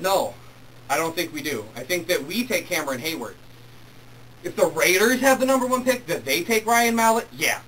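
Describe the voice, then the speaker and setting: Young man, sports talk host, high voice, excitable, mic set back, faint background hum. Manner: excitable, worked up when ranting. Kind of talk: solo sports talk show. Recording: distant mic with faint room ambience.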